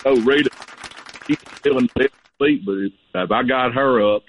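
A man's voice: mid-range voice, normal speed, a little hiss or hum, poor audio. A man with a North Louisiana Southern accent, joining a radio show by phone and rambling in a chatty way. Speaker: radio guest. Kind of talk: casual radio chat. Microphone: phone line.

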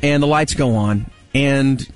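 Male host in his forties, animated storyteller who acts out the voices. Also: takes it slowly, clean tone, soft background music. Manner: animated, acts out quotes with big pitch jumps. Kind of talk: casual storytelling chat.

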